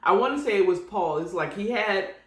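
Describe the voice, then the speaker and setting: A woman's voice: medium pitch, expressive, fairly quick, echoey room. A woman hosting a casual solo morning chat podcast, rambling and chatty with prayerful asides. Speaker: podcast host.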